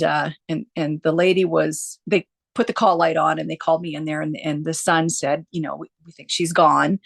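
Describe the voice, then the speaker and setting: A woman's voice: low voice, gravelly. A woman who works as a hospice nurse, telling stories earnestly in a casual interview, with frequent restarts and fillers.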